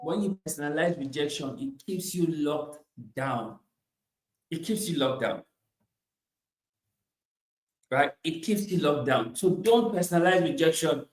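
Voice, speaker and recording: Emphatic high-voiced man, echoey room. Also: expressive, a little slow, long pauses. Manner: emphatic, repeats phrases, swings between loud bursts and quiet asides. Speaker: motivational speaker. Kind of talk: motivational talk.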